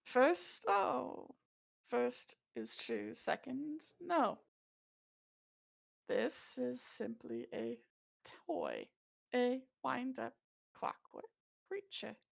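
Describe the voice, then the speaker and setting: A woman playing a creaky mechanical shopkeeper. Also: fairly high pitch, drawn-out words, long pauses, exaggerated voice. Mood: stiff. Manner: flat, mechanical, formal speech. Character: stiff male clockwork shopkeeper with many eyes.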